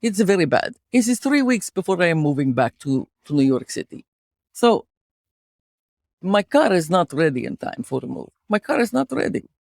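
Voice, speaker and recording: Put-on Russian accent, deadpan and fatalistic, no articles, done by a woman host. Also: on the low side, moderate pace, gravelly, dry recording, heavily acted. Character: gloomy Russian-accented woman telling a story.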